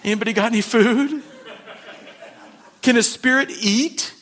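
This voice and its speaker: A man's voice: very high voice, measured pace, pitched above the performer's own voice. A preacher playfully acting out a cheerful, hungry man looking for food. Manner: playful, animated, comic. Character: jovial hungry risen man joking about food.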